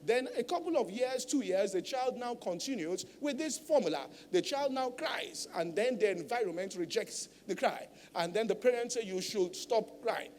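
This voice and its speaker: A man's voice: very high-pitched, expressive, moderate pace, hardly any pauses, a little mellow, big-room sound. A male pastor preaching a sermon, teaching emphatically and checking in with the congregation with frequent "all right?" tag questions.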